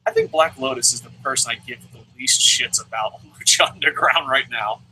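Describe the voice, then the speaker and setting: A male wrestling review host chatting casually, animated, swearing and talking in bursts. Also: medium pitch, a little fast, vocal fry, slight background noise, low-quality recording. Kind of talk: casual chat.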